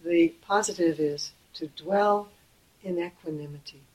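A middle-aged woman giving a Buddhist dharma talk in a gentle, conversational way, slowing and softening on key phrases. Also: lowish voice, low-quality recording. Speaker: Buddhist teacher.

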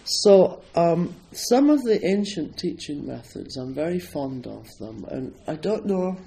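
A man's voice: a little high, sing-song, measured pace, vocal fry, dark tone, low-quality recording. A Scottish man, a Zen priest and meditation teacher, giving an informal talk to an audience in a chatty, self-deprecating way, with plenty of ums and you-knows. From Scotland.

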